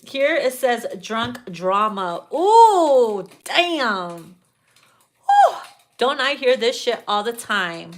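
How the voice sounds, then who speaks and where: A young adult woman talks through a tarot reading in a loose, chatty way, her voice sitting a little high. She swears freely, teases with sass and keeps laughing at her own punchlines. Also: animated, slow, fairly bright tone, a little hiss or hum. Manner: profane, sassy, laughs often at her own jokes. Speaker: tarot reader. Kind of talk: casual tarot reading monologue.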